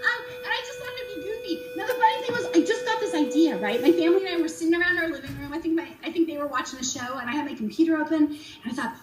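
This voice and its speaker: A children's author in her forties talks to kids with a bubbly, upbeat energy. Her voice is very high and swings up and down a lot. The sound is roomy and picked up from some distance away. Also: expressive, rapid-fire. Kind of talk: virtual school visit Q&A.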